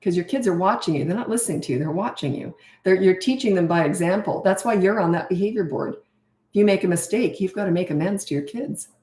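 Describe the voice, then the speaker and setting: A woman's voice: lowish voice, quick pace, mellow. A middle-aged woman giving parenting advice in a casual, blunt way, acting out the dialogue she quotes. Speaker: parenting coach. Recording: echoey room.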